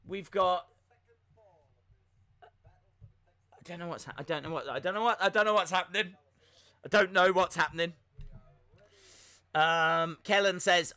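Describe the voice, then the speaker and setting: Excitable high-voiced man hosting a stream. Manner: excitable and rambling, flustered. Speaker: livestream host reacting to wrestling. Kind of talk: live watch-along commentary and chat reading.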